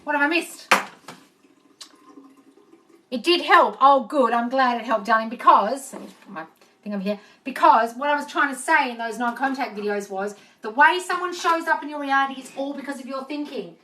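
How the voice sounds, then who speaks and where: A woman speaks at a normal pace in a high, somewhat bright voice, with a little hiss or hum in the recording. Hosting a live phone stream at home, she reads comments and answers viewers bluntly and chattily, swearing and calling them darling as she moves into the kitchen.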